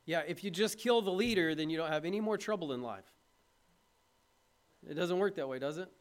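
Male pastor with a high voice, preaching an earnest, plain-spoken sermon and asking his congregation questions. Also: animated, fairly quick. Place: church.

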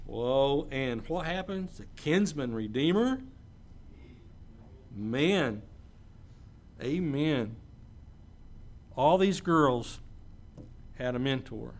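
Preacher, slightly high voice. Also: male voice, animated, slow, long pauses. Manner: conversational asides, checks in with listeners. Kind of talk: sermon with scripture reading.

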